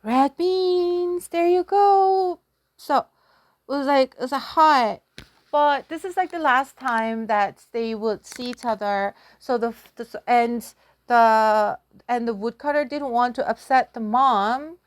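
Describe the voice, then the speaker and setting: Woman teacher, unhurried and chatty, dry close sound, bit of a higher voice. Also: no echo. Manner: chatty, giggly, self-deprecating. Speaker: language teacher. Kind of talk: casual storytelling lesson.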